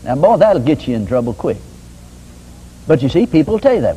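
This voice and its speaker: An older man with a drawl preaches in a relaxed, homespun manner. His voice is slightly raspy and sits a bit high, with a lively, rising and falling delivery. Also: brisk, long pauses, poor audio. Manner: folksy, conversational preaching with homespun examples. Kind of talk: sermon teaching.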